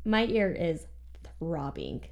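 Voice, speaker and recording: A woman co-hosting a podcast, telling a story in an animated, self-mocking way. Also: deep voice, slow pace, vocal fry. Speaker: podcast co-host.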